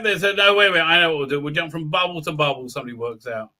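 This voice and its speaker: Male host, slightly high, mocking crude humor, rambling recap full of uhs. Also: very fast, sharp tone. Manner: sarcastic, crude jokes, many filler uhs. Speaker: YouTube host reviewing a TV episode. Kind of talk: casual live-stream recap with mocking asides.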